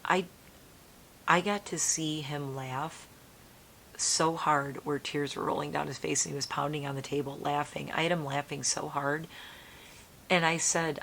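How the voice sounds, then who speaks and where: Casting: middle-aged woman, low voice, casual rambling vlog chat, faint rumble behind. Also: fairly even intonation, a little slow, gravelly. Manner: rambling, emotional, soft-spoken with laughs. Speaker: vlogger.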